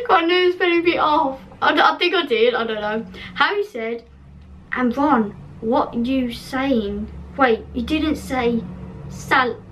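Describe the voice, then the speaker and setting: A high-voiced young woman chats in a slow, unhurried way, giggling at herself as she reads. She sits a little back from the mic, so her voice sounds distant. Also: animated, a bit bright, slight background noise. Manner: giggly, self-mocking, laughs often at her spelling. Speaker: channel host reading an old dream book. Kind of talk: casual chat reading aloud.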